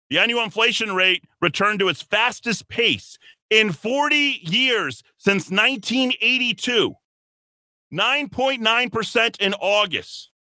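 Bright, combative male talk radio host. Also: high voice, animated, a little slow, dry recording. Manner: combative, emphatic, mocking. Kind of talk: political talk radio monologue.

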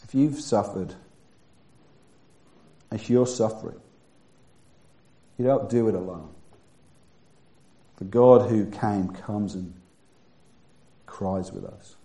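A man preaching a sermon who moves from loud, emphatic bursts to hushed, quiet passages. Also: on the low side, slow pace, long pauses, echoey room.

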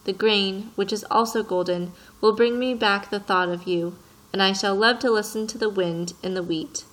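A woman voicing a wise, patient male fox in a storybook, reading in a gentle, earnest way. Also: medium pitch, steady tone, moderate pace, close to an everyday voice, low-quality recording. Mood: wistful.

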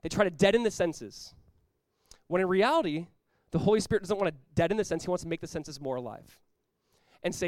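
A pastor preaching a sermon in a quick, rushing delivery, his voice sitting a little high for a man. He is earnest and emphatic, doubling words as he presses each point home. The sound is close and dry. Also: animated, dry recording, rough recording. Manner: acts out short quoted voices.

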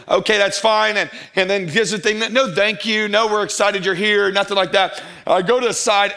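A middle-aged man preaching a sermon as a pastor, telling a funny story with acted-out dialogue, then slowing down to make his point. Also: high-pitched. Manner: animated, humorous, acts out dialogue, slows for emphasis.

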